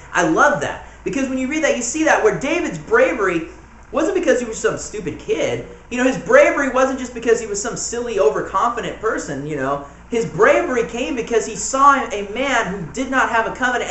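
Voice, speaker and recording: A man teaching scripture in a relaxed home church sermon, his voice pitched a little high and bright. He talks loosely, with many "you know" asides and little chuckles. The room rings with echo. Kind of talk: informal sermon, Bible study teaching. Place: small room in a house church. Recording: echoey room, faint background noise.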